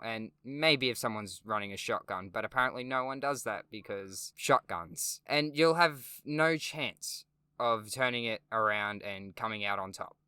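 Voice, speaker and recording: A man's voice: mid-range voice, pushed and bright, smooth, dry recording. A young man hosting a gaming channel, giving a casual game review with sarcastic, self-deprecating jokes, casual swearing and rambling ums. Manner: rambling with ums and repeated words.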